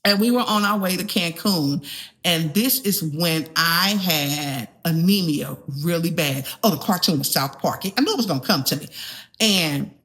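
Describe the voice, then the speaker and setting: Bright-voiced woman podcast host. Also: on the low side, normal speed. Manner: chatty, conversational storytelling. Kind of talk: casual chat.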